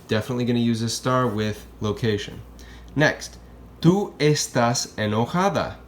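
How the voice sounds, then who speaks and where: A man's voice: medium pitch, animated, moderate pace, a little hiss or hum. Chatty man teaching a language lesson. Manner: casual and chatty, checks in with "okay?" and "right?". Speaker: Spanish teacher. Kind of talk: classroom lesson explaining grammar.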